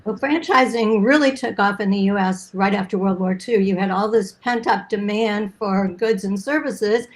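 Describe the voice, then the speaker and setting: A woman's voice: medium pitch, moderate pace, hardly any pauses, poor audio. Woman explaining franchising facts steadily. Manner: steady, fact-heavy explaining. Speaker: franchise guest expert. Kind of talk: informative panel answer.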